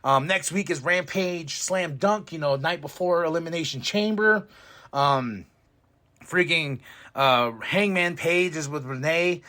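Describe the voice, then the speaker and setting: A man hosting a podcast, reviewing a wrestling show in a rambling, excitable way, laughing often and swearing freely. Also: a little high, a little slow. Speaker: podcast host.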